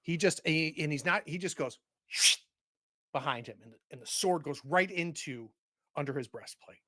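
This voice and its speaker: A man narrating a tabletop game as game master, in vivid, animated storytelling. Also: a little high, normal speed, no room sound, studio quality.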